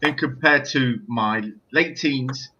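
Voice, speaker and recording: An Englishman talking in a relaxed, chatty way, laughing through his sentences and tossing in dry remarks. His voice sits at a middle pitch. The sound is dull and lo-fi, like call audio. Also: takes it slowly, slight background noise. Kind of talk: casual chat.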